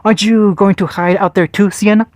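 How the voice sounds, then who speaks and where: A man's voice: sits high, fairly even intonation, brisk, dry recording, clean studio sound, voice pushed up, natural voice. A man reading the lines of a wry, teasing pregnant young woman in a fan fiction story reading.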